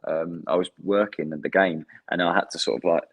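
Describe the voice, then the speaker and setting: Man, English accent, very low voice, laughs a lot, halting restarts, casual guest chat. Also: steady tone, narrow, tinny audio. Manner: laughs often, self-deprecating, halting restarts. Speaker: guest, former footballer.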